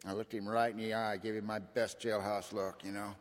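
A man's voice: lowish voice, flat delivery, brisk. A man giving a dramatic, folksy recovery testimony to a meeting. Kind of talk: personal testimony storytelling. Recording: long hall reverb.

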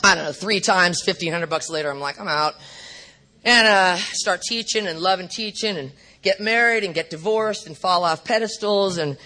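A middle-aged woman speaking at a recovery meeting, telling her story bluntly and profanely with animated asides. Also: fairly low pitch, moderate pace, hardly any pauses.

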